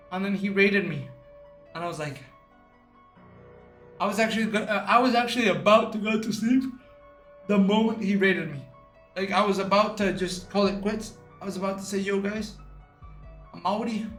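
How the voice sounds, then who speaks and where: A man's voice: high-pitched, fairly bright tone, roomy sound. A man live-streaming in a brash, boastful, profane way, tired out. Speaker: livestreamer. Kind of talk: casual live-stream chat.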